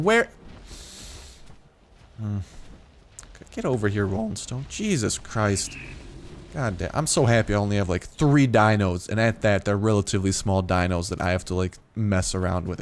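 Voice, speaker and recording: A man's voice: low-pitched, expressive, normal speed, soft background music. A young man giving a rambling, casual commentary over a game late at night, tired and swearing freely, his voice jumping up in surprise. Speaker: gaming youtuber. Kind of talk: casual let's play commentary.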